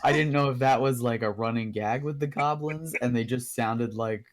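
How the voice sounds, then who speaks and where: A man's voice: mid-range voice, normal speed. A man playing a tabletop game, explaining a question in a rambling, stammering way. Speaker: player.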